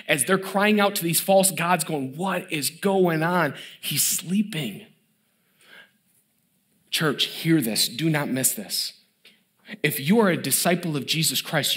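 A man in his thirties preaching a sermon as pastor, emphatic and building, dropping to a low hush on key words.

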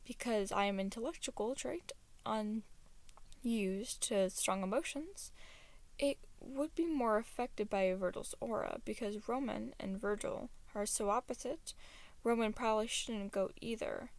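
Woman reader plays a precise logic-minded man, gravelly, unhurried. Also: on the high side, no echo. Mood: formal. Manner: formal, precise. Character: logical, formal male intellectual.

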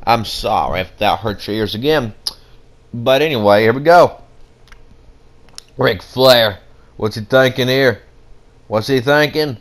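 A man hosting a gaming channel, giving excited play-by-play wrestling commentary over a video game and dropping into quiet muttered asides between the big moments. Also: medium pitch, measured pace, long pauses.

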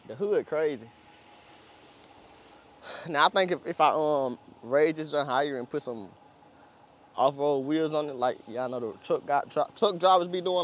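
Slangy young man rambling about a truck. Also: medium pitch. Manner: slangy, rambling, laughs often. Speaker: car vlogger. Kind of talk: casual vlog walkaround.

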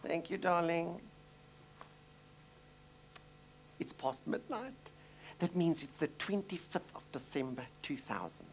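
A man's voice: on the high side, expressive, normal speed, gravelly, slight background noise. A man playing a doting, gossipy older Jewish mother with a South African accent in a TV sitcom. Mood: wistful. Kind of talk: TV sitcom acting.

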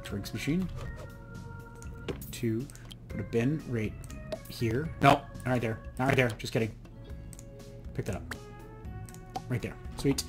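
Music plays in the background as a young adult let's play host gives casual commentary, rambling and chatting with self-mocking asides while he plays. He talks at a medium pitch and a slow pace, with long pauses.

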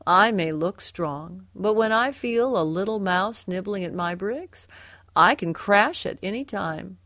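A woman voicing a sad, wistful male brick wall in a storybook, speaking slowly. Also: mid-range voice, a bit bright, no room sound, clean studio sound. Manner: sad, slow.

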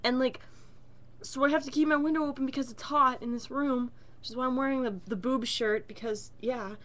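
A woman's voice: high voice, brisk. A woman vlogger telling an exasperated, swear-filled story to the camera from her bedroom. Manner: animated, exasperated, swears a lot. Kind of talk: casual storytelling rant. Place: own bedroom.

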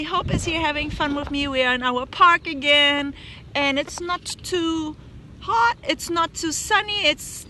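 A woman's voice: high voice, bright, forceful tone. A woman with a German accent vlogging outdoors in a windy park, bubbly and giggly, calling out to her parrot. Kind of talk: outdoor vlog chat.

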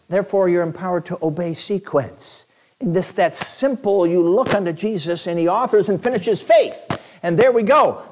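A man's voice: on the high side, darkish tone. A male evangelist preaching a sermon in a church, telling stories in a conversational way with chuckles.

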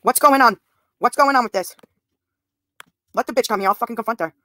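A woman's voice: fairly high pitch, a little fast, bright, forceful tone, dry recording. A woman in her thirties livestreaming, talking bluntly and profanely straight to her viewers' comments. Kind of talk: live stream talk to chat.

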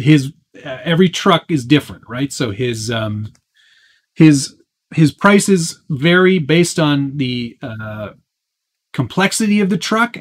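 A man hosting a live Q&A stream in a relaxed, chatty way. He answers viewer questions as they come in, with a lot of ums and uhs and easy asides. His voice sits in an ordinary middle pitch. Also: slightly rough. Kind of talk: casual live-stream chat.

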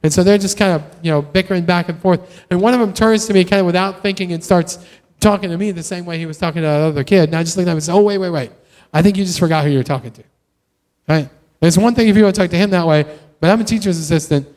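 A man preaching a sermon in a conversational, animated way, often tossing in "right?" to the congregation. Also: high voice, very fast, in a large hall. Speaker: pastor. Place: church sanctuary.

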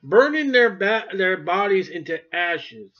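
A high-pitched man preaches a sermon, hammering points loudly and then dropping to near-murmurs. The recording is dull and lo-fi, with the top end rolled off. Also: sing-song, measured pace. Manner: emphatic, swings between loud and quiet.

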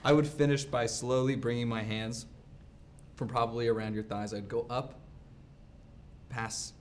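A young man delivers absurd answers in a slow, deadpan way, stretching his words for comic effect. His voice sits at an ordinary middle pitch. A faint hiss runs under the recording. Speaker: dating show contestant. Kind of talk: playful comedic banter.

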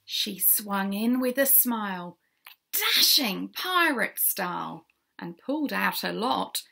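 A woman reads a rhyming picture book aloud in a slow, sing-song, expressive way. Her bright, crisp voice sits slightly high with a gravelly edge of fry. She often asks her young listeners questions and sometimes drops into soft whispers.

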